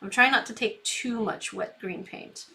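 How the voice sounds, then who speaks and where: A woman with a bright, forceful voice on the high side speaks at a moderate pace. She hosts a live painting tutorial, reading viewer comments aloud, chatting to herself and the audience, and giggling often while she works.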